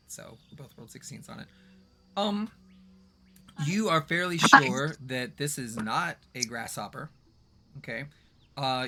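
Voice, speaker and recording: Bright-toned game master calling dice rolls. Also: mid-range voice, slight background noise. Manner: relaxed, matter-of-fact rules talk. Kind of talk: running a tabletop game on a live stream.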